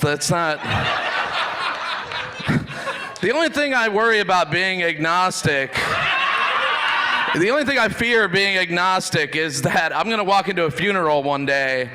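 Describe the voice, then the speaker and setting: A man's voice: on the high side, lively intonation, a little slow, background noise. A man doing a stand-up set at a comedy club, telling a rambling story in a casual way. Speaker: stand-up comic.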